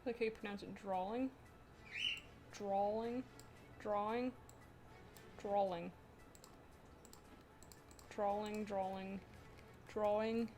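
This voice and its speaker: A woman's voice: mid-range voice, fairly even intonation, takes it slowly, pauses often, dark tone, soft background music. A woman from Pennsylvania with a mixed Pennsylvania and Southern US accent, chatting casually and rambling on a drawing live stream, giggling often. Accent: mix of Pennsylvania and US Southern. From Pennsylvania, USA. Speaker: artist streamer.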